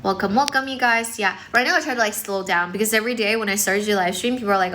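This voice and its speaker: Woman livestream English teacher, casual and fast-talking, bright tone, phone mic. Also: medium pitch, a little hiss or hum. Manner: fast, chatty, many fillers, mixes in some Chinese. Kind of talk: casual livestream chat with viewers. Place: indoors, in front of a decorated background.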